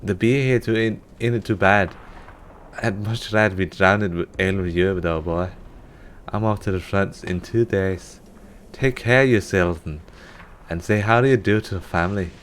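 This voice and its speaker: A man voicing a cheery male Scottish soldier in a put-on Scottish accent, reading a letter home in a loud, hammy way. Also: low voice, moderate pace, slight background noise, natural voice. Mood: hearty.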